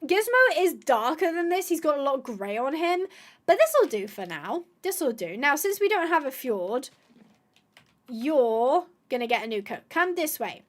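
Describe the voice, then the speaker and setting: A woman hosting a gameplay video, chatting casually to viewers, thinking aloud with excited gasps and asides. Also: high-pitched, measured pace. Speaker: gaming video host.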